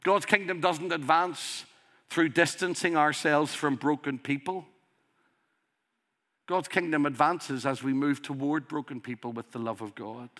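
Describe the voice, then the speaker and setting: A male preacher with a strong accent delivers his sermon at an unhurried, measured pace. His voice sits a little high and rings bright and forceful. He leans on rhetorical questions and earnest emphasis. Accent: strong accent he calls a dialect.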